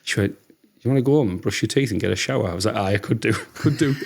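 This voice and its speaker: Chatty Teesside man, fast stories. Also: on the low side, vocal fry, a little hiss or hum. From Teesside, England. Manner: chatty, animated storyteller who acts out quotes. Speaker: podcast guest. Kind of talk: casual storytelling chat.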